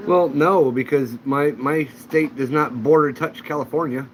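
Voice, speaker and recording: A man's voice: fairly high pitch, moderate pace, a little hiss or hum, low-quality recording. A man hosting a casual livestream chat, telling rambling anecdotes. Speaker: channel host.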